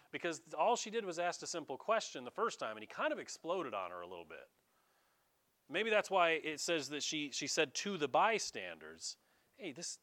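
A man's voice: medium pitch, fairly bright tone. An American man preaching a sermon in a casual, conversational way, now and then mimicking regional accents. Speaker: pastor.

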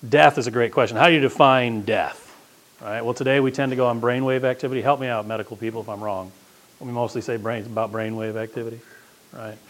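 Animated preacher man. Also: fast. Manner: conversational, folksy, with wide swings of pitch and loudness. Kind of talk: sermon.

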